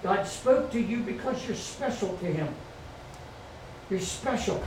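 Speaking a little slowly with lively intonation, a high-pitched middle-aged pastor repeats his points and draws call-and-response from his congregation during a sermon. The recording is distant in an echoey church sanctuary, with noisy background and faint ambience.

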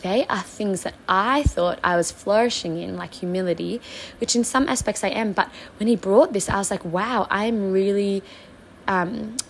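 A woman's voice: medium pitch, a little hiss or hum, low-quality recording. A young woman, hosting a casual faith-based podcast and talking in an earnest, open, reflective way, with many "like"s and "um"s. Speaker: podcast host.

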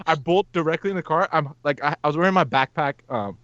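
A young man casually telling a story on a podcast, animated, laughing often and acting out what people said. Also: on the high side, fast, hardly any pauses, lo-fi sound, slight background noise.

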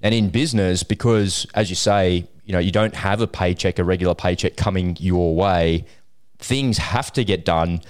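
A very low-pitched man hosting a podcast. His talk is relaxed and chatty, full of anecdotes and encouragement for small business owners. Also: moderate pace, clean tone. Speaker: podcast host. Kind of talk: casual business podcast chat.

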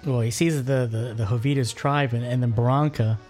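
A man's voice: medium pitch, fairly even intonation, brisk, a little mellow, soft background music. Chatty man riffing on a movie. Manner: enthusiastic, chatty, many restarts. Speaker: podcast co-host. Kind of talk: casual movie commentary chat.

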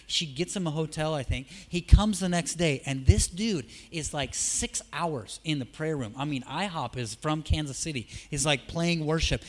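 A man preaching a sermon in a church, telling stories in a casual, conversational way, shifting from soft asides to loud emphatic peaks. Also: on the high side. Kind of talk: sermon with storytelling.

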